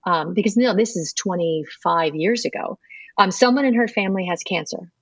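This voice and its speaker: A woman's voice: mid-range voice, normal speed, no room sound, highs cut off. A middle-aged woman, a podcast guest, telling her conversion story in earnest and acting out remembered dialogue. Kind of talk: personal storytelling interview.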